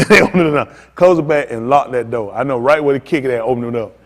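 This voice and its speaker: A man's voice: medium pitch, quick pace, long reverb tail. A man preaching a sermon as pastor, fervent and repetitive in casual vernacular speech.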